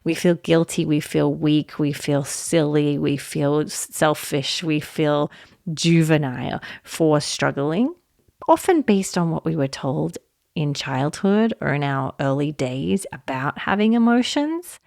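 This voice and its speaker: A woman hosting a solo podcast, talking in a gentle, reflective way and laughing often. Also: sits low, animated, unhurried, gravelly, no echo, studio quality. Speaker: podcast host.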